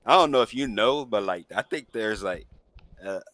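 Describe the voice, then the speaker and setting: Low-voiced laid-back man. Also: animated, normal speed, a bit bright, dry recording. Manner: laid-back, slangy, many fillers. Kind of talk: casual chat.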